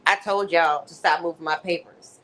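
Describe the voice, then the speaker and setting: A woman's voice: fairly low pitch, steady tone, moderate pace, pushed and bright, a little hiss or hum. A woman mimicking a smug, prim official. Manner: prim, condescending.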